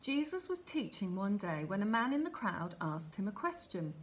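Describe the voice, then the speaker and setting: A woman reading a Bible story aloud for children in an expressive, animated storytelling manner. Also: mid-range voice, moderate pace, hardly any pauses.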